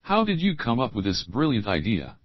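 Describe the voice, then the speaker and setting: A man's voice: mid-range voice, huge pitch swings, no room sound, dull audio. A man reading example questions one by one for English learners, saying the opening words and then the whole question. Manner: slow, clear drill reading, repeating each opening phrase. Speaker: English teacher.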